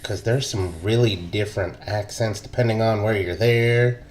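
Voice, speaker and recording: A man in his thirties with a very low voice spins loose, swear-laden stories from his army days. He talks in an easygoing, laughing way, with a faint hum running under the recording. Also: normal speed, darkish tone. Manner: laid-back, profane, laughs through stories. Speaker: podcast co-host, army veteran. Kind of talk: casual chat, storytelling.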